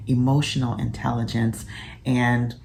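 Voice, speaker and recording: Very low, gravelly-voiced woman vlogging. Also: flat delivery, a little hiss or hum. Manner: soft-spoken and thoughtful, with frequent pauses. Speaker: physician and mother sharing parenting reflections. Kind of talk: casual reflective vlog.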